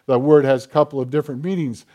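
A man's voice: mid-range voice, fast, dark tone. A man, a pastor, preaching a conversational sermon and acting out quoted dialogue as he goes. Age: older.

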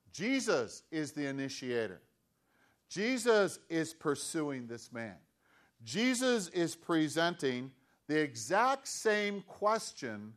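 A pastor preaches in a loose, conversational way, circling back with restarts. His voice sits a little high for a man, and he drives his points home with repeated, emphatic questions. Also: a bit bright. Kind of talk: sermon.

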